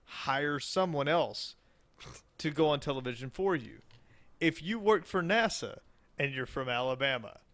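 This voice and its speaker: A man's voice: on the high side, lively intonation, a little slow, fairly bright tone. A man with a Southern American accent, co-hosting a casual podcast chat, crude and joking. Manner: crude, joking, slips into mock voices. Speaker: podcast co-host.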